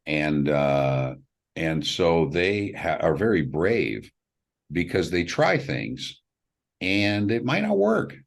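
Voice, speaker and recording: A man's voice: slow pace, gravelly. A middle-aged man, a film director, telling stories in a casual interview, acting out the people he quotes. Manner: animated, acts out quoted voices with big pitch jumps, laughs.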